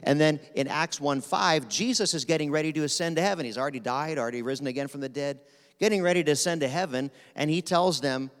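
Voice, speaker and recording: A man from Pennsylvania, preaching a sermon as guest speaker in a quick, animated, rapid-fire way. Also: fairly high pitch, smooth. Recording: long reverb of a large hall.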